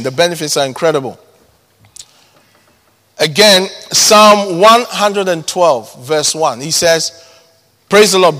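Man, sermon, high voice, long hall reverb, repeats key words. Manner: emphatic, repeats key words, swings from loud to hushed. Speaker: preacher.

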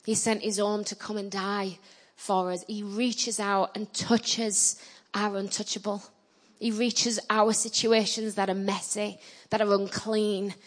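A woman in her thirties preaching a sermon, telling personal stories with animated, emphatic delivery. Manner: animated storytelling, rising loud and emphatic at high points.

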